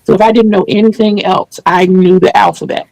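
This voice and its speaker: A woman's voice: mid-range voice, fairly even intonation, brisk, creaky, a little mellow, no room sound, low-quality recording. A woman hosting a casual video interview, speaking earnestly and explaining things at length with small restarts. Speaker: channel host interviewing a guest.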